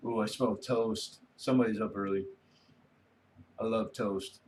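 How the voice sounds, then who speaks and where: A man's voice: fairly low pitch, steady tone, unhurried, a little mellow, slight background noise. A man hosting a casual late-night livestream, rambling easily and reading viewer comments aloud. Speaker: livestream host.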